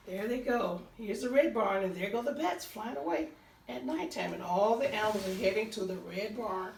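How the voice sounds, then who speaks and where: A woman reading a picture book aloud to children, pausing to point out pictures and count along. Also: mid-range voice, expressive, creaky, darkish tone. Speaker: storytime reader. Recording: roomy sound, voice distant from the mic.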